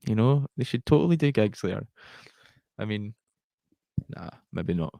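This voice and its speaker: A man's voice: fairly low pitch, expressive, measured pace, gravelly, warm tone, no room sound. A man in casual chat, reacting and laughing along with short remarks. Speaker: podcast guest.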